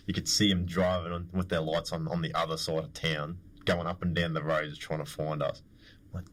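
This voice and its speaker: A young Australian man co-hosting a podcast, chatting casually and telling a joking story. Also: rumbling low. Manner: storytelling, joking, laughs often. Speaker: podcast co-host. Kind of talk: casual chat.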